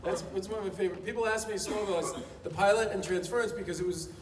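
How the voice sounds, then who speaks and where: A man telling a relaxed anecdote as a panelist at a convention. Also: high voice, quick pace, a loud crowd. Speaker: actor panelist. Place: large convention hall. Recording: echoey convention hall from far off. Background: ambient hall noise.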